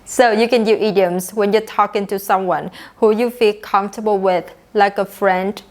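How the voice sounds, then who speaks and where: A young woman leads an online English lesson. She speaks at a middle pitch, explains each point clearly, and acts out the example phrases. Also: fairly even intonation, normal speed. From Vietnam. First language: Vietnamese. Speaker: English teacher.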